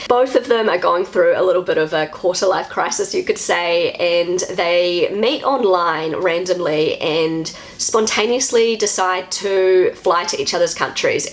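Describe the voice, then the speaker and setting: A woman from New Zealand with a New Zealand accent, hosting a chatty, enthusiastic reaction vlog. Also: lowish voice. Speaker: YouTube host.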